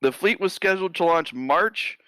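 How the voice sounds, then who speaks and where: A man's voice: high voice, normal speed, smooth, no room sound. A man co-hosting a comedy history podcast, reading the story and riffing on it with swearing and frequent laughter. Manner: animated, swearing, laughing often. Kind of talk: casual comedic history chat.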